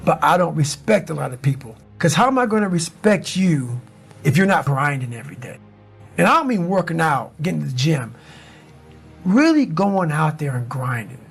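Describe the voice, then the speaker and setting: A man's voice: fairly high pitch, sing-song, normal speed, vocal fry, husky, soft background music. A man giving an intense, blunt motivational speech in an emphatic manner. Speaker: motivational speaker.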